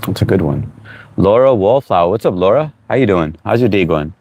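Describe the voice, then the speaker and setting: A man hosting a casual live stream, greeting viewers by name, reading their chat comments aloud and giving relaxed, encouraging advice. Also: deep voice, brisk, muffled recording.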